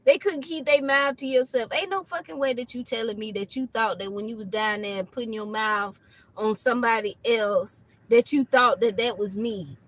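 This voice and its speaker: A woman's voice: a little high, normal speed, a bit bright, poor audio. A woman tarot reader ranting in a casual reading, blunt and profane, laughing often between lines.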